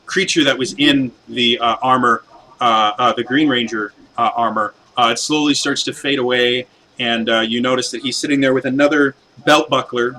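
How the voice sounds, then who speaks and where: A man's voice: medium pitch, pushed and bright, slight background noise, rough recording. A man narrating as game master, rambling with many fillers and restarts as he describes the scene.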